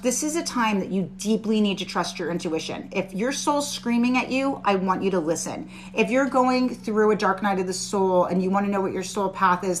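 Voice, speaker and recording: A woman's voice: mid-range voice, a little hiss or hum. A woman giving a live-stream tarot reading, reassuring and chatty with her viewers. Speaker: tarot reader.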